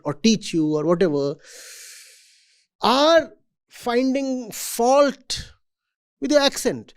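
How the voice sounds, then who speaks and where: A man lecturing students in a measured, emphatic way and often asking rhetorical questions. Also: sits high, darkish tone. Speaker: spiritual teacher. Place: university event hall.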